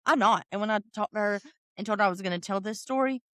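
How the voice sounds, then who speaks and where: A woman co-hosting a podcast, telling a story in a casual, animated way and laughing often. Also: mid-range voice, rapid-fire, dry recording, clean studio sound. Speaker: podcast co-host.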